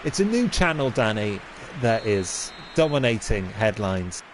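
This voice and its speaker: A man's voice: fairly low pitch, big pitch swings, measured pace, noisy background. A young man doing comic commentary over a football game, playing a mock-serious pundit who rants and gets indignant.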